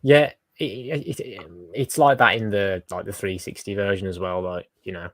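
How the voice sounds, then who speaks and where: A man's voice: lowish voice, fairly even intonation, normal speed, no echo. A man who is a guest on a podcast, talking in a hesitant, casual way that often trails off. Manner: hesitant, full of fillers and trailing off. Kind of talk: casual chat.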